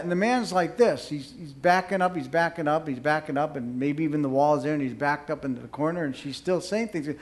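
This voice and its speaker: A man's voice: fairly high pitch, brisk, hardly any pauses. An older man giving casual marriage advice, emphatic and joking, acting out examples as he talks. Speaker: marriage teacher.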